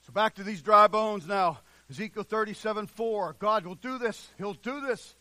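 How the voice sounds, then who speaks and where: A man preaching a sermon with fervor, drawing out the scripture he reads and swinging from shouts to hushed passages. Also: high-pitched, dry recording. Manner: drawn-out emphatic scripture reading.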